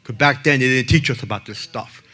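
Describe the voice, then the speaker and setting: A man's voice: mid-range voice, brisk, pushed and bright. A brash, blunt man addresses an audience in the middle range of a male voice. He tells stories about his work with jokes in them and acts out the people he describes. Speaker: child abuse prevention advocate speaking to an audience. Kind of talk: blunt talk with joking stories.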